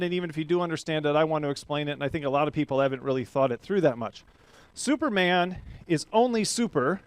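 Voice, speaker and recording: A middle-aged man giving a motivational keynote talk to a live audience, energetic and full of rhetorical questions. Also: a little high, dry recording. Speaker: professional speaker. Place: event stage before a live audience.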